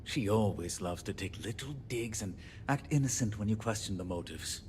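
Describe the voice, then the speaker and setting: A man's voice: fairly low pitch, lively intonation, moderate pace, a little hiss or hum, natural voice. An actor playing a short-tempered, self-deprecating male handyman in a video game, speaking in a wry, joking way. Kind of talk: video game character dialogue.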